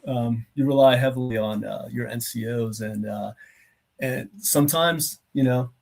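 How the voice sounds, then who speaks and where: A man's voice: mid-range voice, a little slow, gravelly. A middle-aged man in a mid-range voice speaks as a guest on a video call. He talks thoughtfully and loosely, with frequent filler phrases as he recalls things. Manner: reflective, many filler phrases. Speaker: guest, retired army officer. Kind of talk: casual interview chat.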